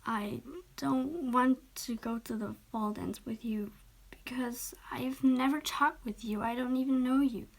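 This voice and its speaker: A woman voicing a polite, kind teenage girl in a soft half-whisper, as whispered role-play. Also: on the high side, moderate pace, lightly acted. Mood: gentle.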